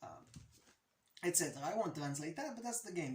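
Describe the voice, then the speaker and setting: A man's voice: fairly high pitch, lively intonation, brisk, roomy sound, slight background noise. A young man from Jerusalem with an Israeli accent, a native Hebrew speaker, giving a casual language lesson in a chatty, anecdotal way. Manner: chatty, anecdotal, laughs at own stories. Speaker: language teacher.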